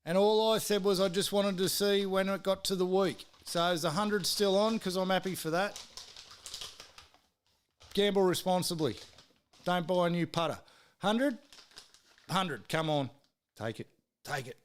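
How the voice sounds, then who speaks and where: A man's voice: high voice, steady tone, moderate pace, slight background noise. An Australian man hosting a casual live stream, tipping footy games and freely swearing while he teases his mates in the chat.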